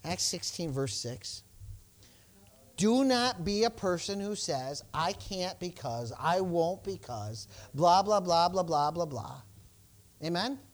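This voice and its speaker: A man's voice: sits high, lively intonation, slow pace. A male pastor preaching a sermon, telling a personal story and acting out the exchanges, with stammered restarts and bursts of praise. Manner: exclamations of praise.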